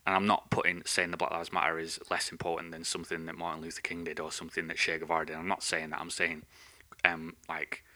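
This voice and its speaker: Podcast host, low voice with a sharp, forceful edge, swears a lot, rambles through an animated rant. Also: male voice, fast talker. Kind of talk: ranting monologue.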